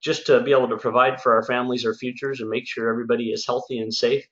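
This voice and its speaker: A man's voice: mid-range voice, little pitch movement, fast talker, fairly bright tone. A man who runs a home services business, hosting a casual sales webinar in an upbeat, folksy, chatty way. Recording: echoey room, slightly dull sound.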